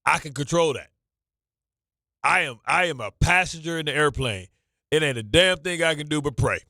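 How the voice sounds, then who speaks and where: A man's voice: on the high side, lively intonation, moderate pace, gravelly, bright, forceful tone, no room sound, clean studio sound. A man hosting a sports radio show, talking in nervous, stammering, repeating bursts of banter. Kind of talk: excitable sports talk banter.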